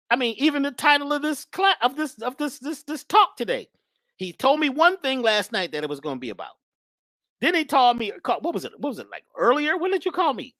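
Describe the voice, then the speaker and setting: A woman's voice: fairly high pitch, a bit bright, no echo, studio quality. A woman guest speaker talking in an emphatic, preachy but casual way about spirituality and love. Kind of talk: spiritual talk, casual conversation.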